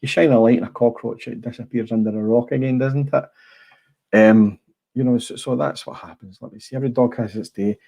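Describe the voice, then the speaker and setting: A man's voice: mid-range voice, fairly even intonation, a little fast, gravelly, mellow. A middle-aged Scottish man hosting a casual livestream, blunt and rambling, swearing freely. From Scotland. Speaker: livestream host. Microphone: small clip-on mic.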